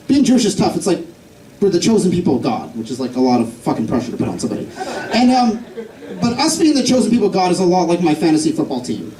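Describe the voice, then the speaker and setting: A man performing a stand-up comedy set, self-deprecating and rambling with lots of fillers. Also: sits high. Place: comedy club stage. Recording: roomy club audio from far off, loud crowd. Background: audience laughter.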